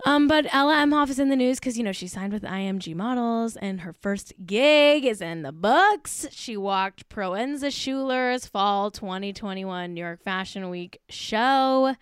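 A woman hosting a casual celebrity-news show in a smooth, clear voice. She rants and swears freely, leaning on fillers as she goes. The sound is dry and close. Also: on the high side, lively intonation, unhurried, few pauses, no room sound. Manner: ranting, swearing, filler-heavy. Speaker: podcast host. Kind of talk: casual pop-culture commentary.

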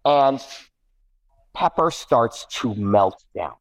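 A man's voice: medium pitch, drawn-out words, dry recording, low-quality recording. A middle-aged man, a guest parent, telling a casual story with many restarts and self-corrections. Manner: rambling, self-correcting, animated.

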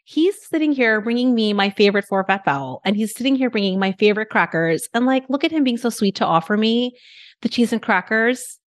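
A woman hosting a podcast interview, telling stories in an animated, casual way with lots of filler words. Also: on the high side, brisk. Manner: animated storytelling, many "like" fillers. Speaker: podcast host.

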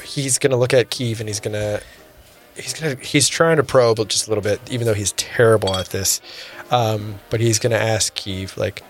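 A man's voice: on the low side, fairly even intonation, moderate pace, faint music behind. A man playing in a tabletop game, hesitantly describing what his character does. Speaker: player.

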